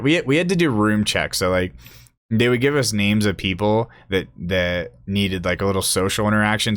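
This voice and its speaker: A man's voice: low voice, fairly bright tone, clean tone, no room sound, clean studio sound. Profane young man rambling a story. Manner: profane, rambling, laughs at his own stories. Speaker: podcast host. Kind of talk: casual storytelling.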